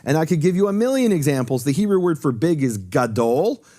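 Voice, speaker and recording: A man's voice: fairly high pitch, sing-song, brisk, warm tone. A man giving a detailed, emphatic explanation as a guest on a talk show, repeating key points. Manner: earnest, lecturing, emphatic repetition. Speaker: guest teacher on Hebrew.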